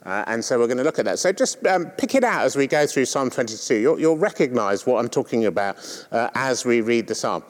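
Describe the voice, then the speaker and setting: Preacher with plenty of fillers. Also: male voice, medium pitch, sing-song, a little fast. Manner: hesitant, many fillers and restarts. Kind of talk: sermon. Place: church. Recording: long church reverb.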